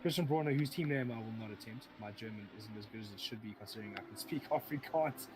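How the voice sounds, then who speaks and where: A man's voice: on the low side, fast talker, noisy background. A man giving live sim racing commentary, rambling, often correcting himself and joking as he goes.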